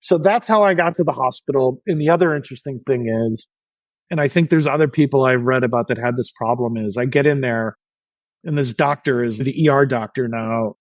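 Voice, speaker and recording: A man's voice: medium pitch, a little fast, no echo, rough recording. Brief: middle-aged man, candid storyteller, dry studio sound. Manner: frank, self-deprecating, many restarts. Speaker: podcast guest.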